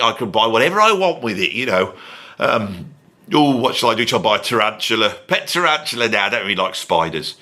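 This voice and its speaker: A man's voice: mid-range voice, pushed and bright. A middle-aged British man giving a rambling, self-mocking outro to his music channel, joking and cheekily pleading with viewers. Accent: British English. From Britain. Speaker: YouTube music commentator. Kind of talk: casual rambling outro monologue.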